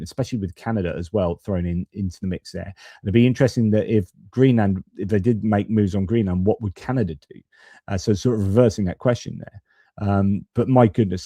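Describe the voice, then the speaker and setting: A man with a lowish, mellow voice talks through a live stream, reading viewer comments and giving his own rambling, opinionated takes. He often stops and corrects himself mid-thought. The sound is close and dry, with no room around it. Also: breathy edge, no echo. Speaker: host of a live-stream geopolitics channel.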